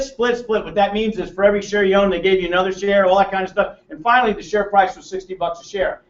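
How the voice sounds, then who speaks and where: A brash American man with a high voice, running a seminar and ribbing the audience with questions. He sounds far from the microphone in a roomy meeting room, and the recording is dull. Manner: brash, joking, quizzes the room. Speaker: seminar presenter. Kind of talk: teasing seminar talk to a live audience.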